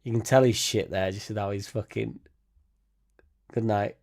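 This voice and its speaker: A man's voice: fairly low pitch, steady tone, normal speed, gravelly, a little mellow. A young man hosting a casual fan livestream, laughing often, swearing freely and rambling as he reacts and thanks viewers. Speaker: fan channel host.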